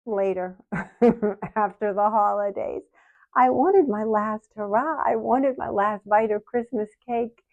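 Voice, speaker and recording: A woman in her sixties, the channel host, telling her personal story to camera in a slow, earnest way with soft laughs. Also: medium pitch, creaky, phone-quality sound. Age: 60s.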